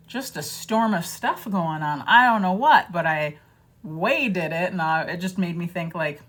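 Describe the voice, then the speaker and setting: A woman's voice: lowish voice, measured pace. Chatty self-deprecating woman vlogger. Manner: chatty, self-deprecating, lively swings into quoted voices; rambling with many fillers and restarts. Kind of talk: casual chat to camera.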